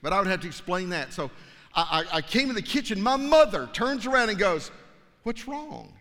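Bright-voiced pastor telling a story in a reverberant hall. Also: male voice, sits high, very animated, moderate pace. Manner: dramatic storyteller, drops to hushed tones then rises to fervent preaching. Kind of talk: sermon storytelling.

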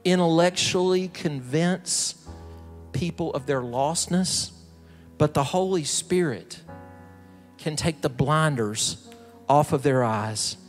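A male pastor from the American South delivering a slow, emphatic sermon, building up repeated phrases. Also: fairly high pitch. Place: large church sanctuary. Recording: reverberant hall with soft music behind.

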